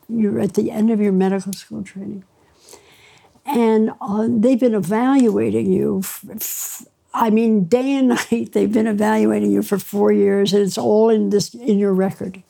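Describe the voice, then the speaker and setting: Gravelly older woman telling a wry story. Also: mid-range voice, mellow. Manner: reflective, wry, laughs between phrases, many fillers. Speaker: interview guest, pediatrician. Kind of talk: storytelling in conversation.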